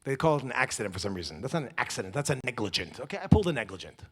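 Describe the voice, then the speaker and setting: A man's voice: mid-range voice, very animated, very fast, husky. A man from New York giving a comedic motivational talk, telling stories with jokes and acted-out quotes. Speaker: speaker.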